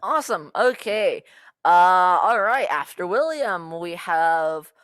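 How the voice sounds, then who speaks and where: A woman's voice: on the low side, lively intonation, slow pace, a bit bright, dry recording. Upbeat woman judge, very dry sound. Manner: upbeat, heavy on uh and awesome. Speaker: speech tournament judge. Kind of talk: casual spoken feedback.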